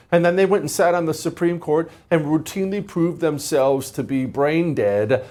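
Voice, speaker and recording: A man's voice: on the high side, animated, normal speed, hardly any pauses, darkish tone. A man hosting a political commentary monologue, mocking and emphatic, with many rhetorical questions.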